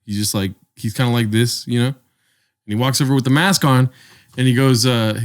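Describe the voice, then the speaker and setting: Young man, podcast co-host, casual storytelling, animated, swears a lot, voices other people. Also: medium pitch, brisk. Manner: animated, swears often, acts out voices in his stories.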